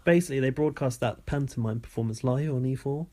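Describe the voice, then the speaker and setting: A man co-hosting a casual podcast, rambling through long recaps with a voice of middling pitch. He laughs often as he goes. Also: fast, warm tone. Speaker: podcast co-host. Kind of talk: casual chat.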